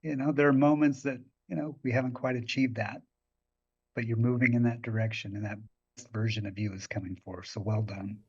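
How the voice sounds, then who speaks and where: A man's voice: medium pitch, fairly even intonation, a little fast, breathy edge. A man on a podcast speaking in an affirming, pastoral way. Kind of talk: podcast conversation. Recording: dull, distant audio.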